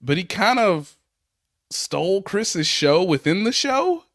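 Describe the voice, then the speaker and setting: A man's voice: high voice, very animated, slow pace, a bit bright, dry recording, studio quality. A man on a sports podcast who tells stories with animation, laughs often and acts out other people's lines. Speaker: sports reporter and podcast panelist. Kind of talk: casual sports podcast chat.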